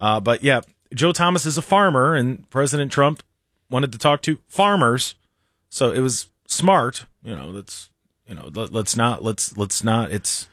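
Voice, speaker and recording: A male talk-radio host at a mid-pitched voice, joking and rambling through casual banter with lots of restarts and chuckles. He sits at a studio microphone in a dry, close room with no echo. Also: very animated, measured pace, fairly bright tone.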